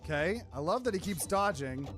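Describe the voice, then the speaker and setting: A gamer giving casual let's-play commentary, excitable and quick to panic, repeating exclamations and swearing. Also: mid-range voice, soft background music.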